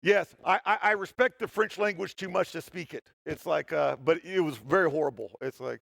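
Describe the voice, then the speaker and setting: A man with a high, gravelly voice tells a story on stage in a conference talk. He jokes often and pokes fun at himself. His voice sounds dry and close. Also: moderate pace, no room sound. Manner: animated, joking, self-deprecating. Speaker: security tester giving a talk. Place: stage in a hall.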